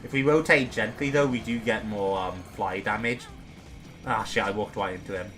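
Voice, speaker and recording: A man's voice: fairly low pitch, fairly even intonation, normal speed, a bit bright, soft background music. A young man casually commenting on his own gameplay, chatty and self-deprecating as he talks himself through a boss fight. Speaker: gaming streamer.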